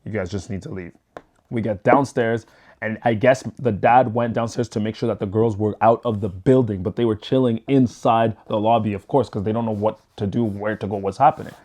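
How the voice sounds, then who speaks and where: A young man tells a personal story to camera in a relaxed, casual style. His delivery is lively, and he drops into what others said as he goes. He swears freely and keeps it loose. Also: fairly low pitch, a little fast. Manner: animated, acts out what people said; loose and profane.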